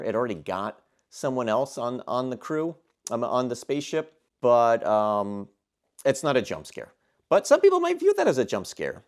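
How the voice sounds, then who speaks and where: A man's voice: medium pitch, darkish tone. A man giving a casual film review monologue, enthusiastic and rambling, with frequent restarts and fillers. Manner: enthusiastic, gushing.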